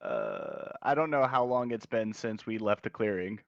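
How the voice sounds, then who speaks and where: A man's voice: on the low side, wildly swooping pitch, moderate pace, vocal fry, dry recording. Man, tabletop game player, hesitant, stop-start delivery, muffled dry recording. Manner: hesitant, many fillers and restarts. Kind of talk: casual game chat.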